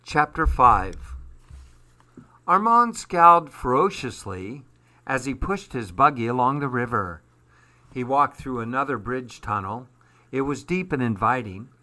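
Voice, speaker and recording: Slow, bright-voiced male storyteller. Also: mid-range voice. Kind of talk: reading a children's book aloud.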